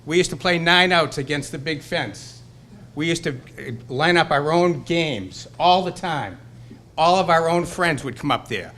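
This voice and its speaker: Older man with a Boston accent, bright and lively. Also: on the high side, unhurried. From Burlington, Massachusetts. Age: 60s. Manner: rambling, nostalgic, fired-up storytelling. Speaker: hall of fame inductee. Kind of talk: acceptance speech. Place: banquet hall.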